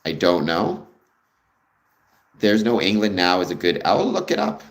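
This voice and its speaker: A man's voice: sits low, sing-song, unhurried. A Canadian man hosting a livestream, chatting casually with viewers in a friendly, rambling way with many ums. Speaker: livestream host.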